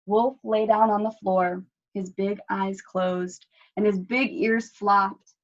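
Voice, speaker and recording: A woman librarian reading a picture book aloud at children's story time, expressive and asking the children questions, in a dull lo-fi recording. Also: mid-range voice, takes it slowly.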